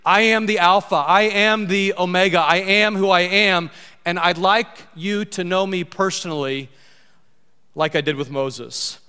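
A man's voice: a little high, fairly bright tone, clear, resonant tone. A middle-aged man preaching a sermon as pastor, emphatic and repeating key lines for stress. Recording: long hall reverb.

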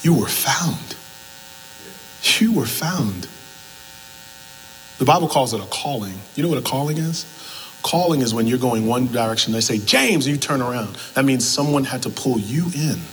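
A male pastor delivering a sermon at a mid-range pitch. He tells stories with energy and plays out both voices of a conversation. A faint electrical hum sits under the recording. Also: brisk, in a large hall, rough recording. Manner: animated storytelling, acts out both sides of conversations.

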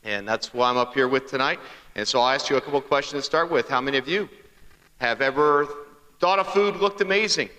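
A man's voice: mid-range voice, fairly quick, sharp tone, reverberant, long reverb tail, rough recording. A man giving a humorous sermon, telling stories and asking the congregation questions in a conversational way. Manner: conversational storyteller, asks the crowd questions.

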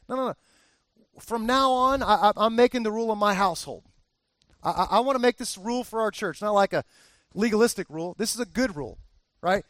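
A man's voice: high voice, fairly quick, no room sound, clean studio sound. A man preaching a sermon as a pastor, talking candidly and conversationally with frequent restarts.

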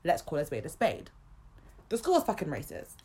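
Animated young woman telling stories. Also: low-pitched, fairly quick. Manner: animated, swears freely, acts out other people's lines. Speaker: podcast co-host. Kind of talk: casual storytelling chat.

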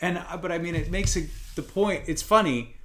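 A man's voice: on the high side, moderate pace, a bit bright. A man in casual conversation who asks probing, teasing questions. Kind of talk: casual podcast chat.

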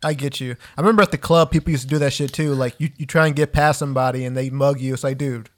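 A man's voice: medium pitch, steady tone, racing. A man, a podcast co-host, chatting casually. He is laid-back and reactive, laughs often, and says "dude" a lot. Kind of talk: casual chat.

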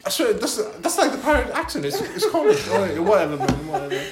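A young man with a northern English accent co-hosts a casual podcast chat. He talks hesitantly, with lots of laughter. His pitch swings up and down, and the room sounds echoey. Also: huge pitch swings, quick pace. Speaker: podcast co-host. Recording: roomy echo.

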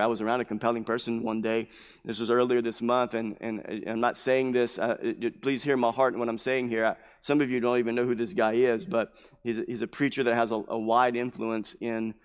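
A man preaching a sermon as pastor, impassioned and repetitive, bursting into loud emphases. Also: mid-range voice, long reverb tail. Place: church building.

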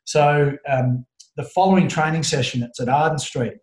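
A middle-aged Australian man telling a personal story in an interview, earnest and halting, often restarting his sentences. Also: fairly high pitch, a little mellow. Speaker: guest. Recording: roomy echo.

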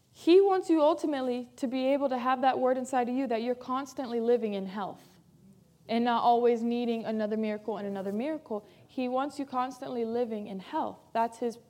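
A woman's voice: fairly high pitch, normal speed, a little mellow. A woman pastor preaching a sermon in an earnest, emphatic way, repeating key phrases for weight.

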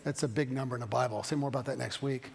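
A pastor teaching a Bible study class, talking fast and animated, with frequent restarts. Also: male voice, medium pitch, creaky, big-room sound. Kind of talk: Bible study lecture with questions.

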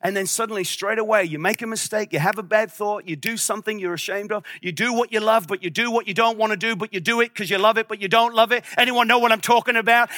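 High-voiced passionate male preacher. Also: fairly even intonation, fast, hardly any pauses, no echo, clean studio sound. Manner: passionate, at times shouting. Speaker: pastor. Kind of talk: sermon.

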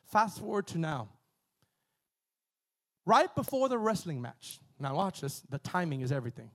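Guy preaching a sermon, pretty high voice, loose and chatty, keeps repeating himself and checking in w the crowd. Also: normal speed. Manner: animated, conversational preaching with many repetitions and asides. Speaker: pastor.

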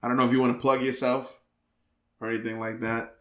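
A man's voice: medium pitch, level tone, fast, a bit bright, echoey room. Rambling male podcast host. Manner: rambling, stumbling restarts, playful teasing. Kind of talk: casual podcast chat.

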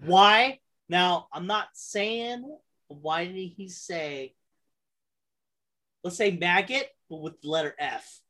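Animated woman chatting casually. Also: lowish voice, takes it slowly. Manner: animated, many fillers and restarts. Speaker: podcast co-host. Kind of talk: casual chat.

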